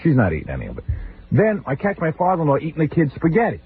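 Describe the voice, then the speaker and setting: A middle-aged radio host tells comic stories about his family, mimicking their voices in exaggerated tones. He talks fast, with a voice on the high side and huge swings in pitch. Faint music plays behind, and the archive recording sounds lo-fi and phone-like.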